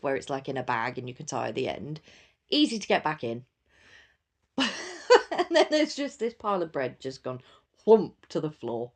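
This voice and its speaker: A young woman hosting a podcast, chatting casually with lots of fillers and frequent laughter. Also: a bass voice. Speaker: podcast host. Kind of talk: casual solo chat.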